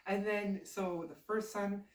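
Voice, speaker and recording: A woman telling a fairy tale aloud in a chatty, animated, conversational way. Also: medium pitch, unhurried, reverberant, distant mic, a crowd in the background. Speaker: storyteller. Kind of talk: casual oral storytelling.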